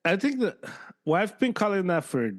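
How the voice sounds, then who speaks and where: A man co-hosting a podcast in casual chat, animated and given to sudden jumps in pitch when exasperated. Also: moderate pace. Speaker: podcast co-host.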